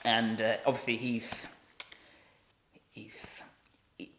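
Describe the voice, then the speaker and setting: A man's voice: mid-range voice, flat delivery, slow, a bit bright, a little hiss or hum. A man co-hosting a podcast, improvising a story with many restarts and fillers. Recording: roomy echo.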